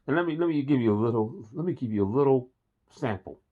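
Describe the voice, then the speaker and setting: A host from Philadelphia talks straight to camera in a relaxed, enthusiastic vlog monologue, speaking fast in a mid-pitched voice. He rambles and repeats himself, and the recording sounds dull and lo-fi.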